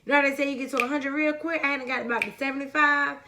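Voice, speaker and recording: A young woman vlogger chatting to her viewers in a casual story time, rambling and warm-hearted, often calling them y'all. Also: high voice, fairly even intonation, rapid-fire, background noise.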